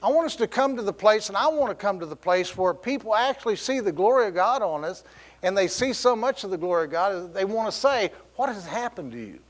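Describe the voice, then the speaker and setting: In the sanctuary of a church, this middle-aged male pastor delivers a sermon packed with stories, laughter, and voices he imitates. He talks fast in a high-pitched voice with animated intonation.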